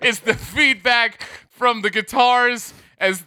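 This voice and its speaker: Bright, high-voiced man joking on a podcast. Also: takes it slowly, smooth, no echo, studio quality. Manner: laughs often, riffs jokingly. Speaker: podcast co-host. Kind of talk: casual comedic chat.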